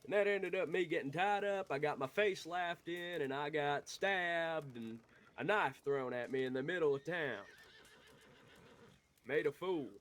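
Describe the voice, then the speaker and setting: A man's voice: on the high side, a little slow, a bit bright, a little hiss or hum. A man doing a hot-headed young outlaw. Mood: heated. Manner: rambling, heated, swearing, restarting words. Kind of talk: Western role-play.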